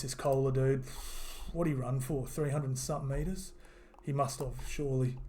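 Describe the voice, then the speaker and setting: A man's voice: a little high, darkish tone. Chatty man recapping footy. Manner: chatty, rambling, frequent fillers and restarts. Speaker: sports vlogger. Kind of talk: casual sports recap.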